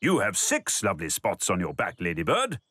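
A British man narrating a preschool cartoon in a gentle storybook manner. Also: sits low, huge pitch swings, a little fast, slightly rough, no echo. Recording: dry studio voice-over with music.

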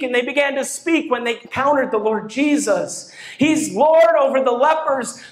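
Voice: sits high, roomy sound. A pastor delivering a sermon to a congregation, with emphatic rising bursts. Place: church hall.

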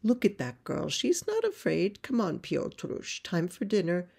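A woman voicing a peasant mother calling loudly across a field to her son. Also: on the low side, huge pitch swings, a little slow, creaky, breathy edge, full character voice.

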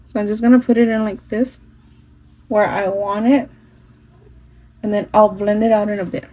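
A woman's voice: medium pitch, steady tone, normal speed, highs cut off. A woman chatting casually through a makeup tutorial, mixing in phrases and swearing now and then, recorded on a phone at home. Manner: chatty, switching into Spanish phrases, some swearing. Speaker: makeup vlogger.

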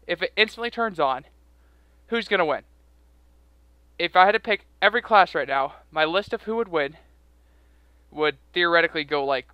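A man's voice: a little high, sharp tone, clean tone, no room sound. A young man out of breath, giving rambling, self-correcting casual commentary on a game. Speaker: game video creator.

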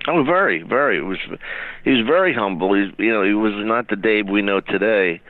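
Man, very low voice, dry dull sound, rambling anecdotes, casual host chat. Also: expressive, fairly quick, no room sound. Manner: rambling anecdotes with many fillers. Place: comedy club stage.

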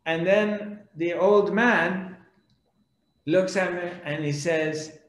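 Slow-telling man spiritual teacher. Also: high voice, reverberant, poor audio. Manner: slow, dramatic storytelling with pauses. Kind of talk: storytelling discourse.

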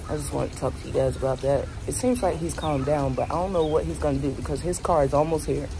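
A woman's voice: rumbling low, background noise. A middle-aged woman chatting casually to her vlog camera and venting candidly about her morning. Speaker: vlogger.

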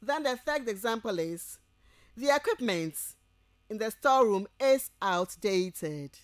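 A Ghanaian-accented woman teaches university students in a radio lecture, repeating points slowly as in dictation and confirming they follow along. She sounds a little high and expressive, recorded dry.

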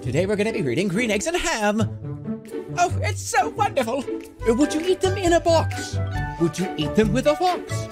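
A man's voice: extremely high pitch, huge pitch swings, moderate pace, over music, pitched above the performer's own voice, exaggerated voice. A man putting on a sugary storybook-reader voice.

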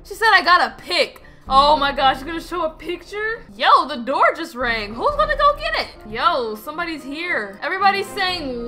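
A woman narrating a game with excited, exclamatory slang, reading chat messages aloud. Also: very high voice. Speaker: gameplay narrator.

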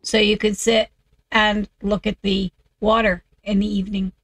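With a level tone and moderate pace, a woman at medium pitch gives casual commentary on her game, muttering as she works. She's a video game creator whose voice sounds slightly off and who coughs; there's no echo.

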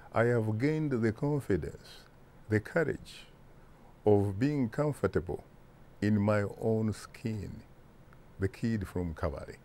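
Low-voiced Ugandan man in his sixties. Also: a little mellow. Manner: deliberate, emphatic, rhetorical asides. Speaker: interview guest, broadcast journalist. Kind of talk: interview answers.

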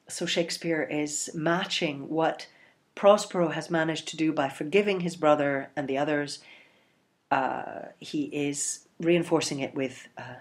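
Low-voiced woman teaching literature. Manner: explanatory, with frequent okay and you know; reads quoted verse aloud expressively. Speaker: literature educator. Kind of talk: recorded literature lecture.

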